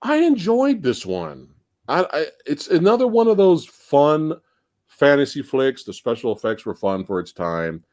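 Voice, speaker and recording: A man hosting a live movie podcast in casual chat, animated and profane, laughing often. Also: a little high, unhurried, dry recording, clean studio sound. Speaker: podcast host.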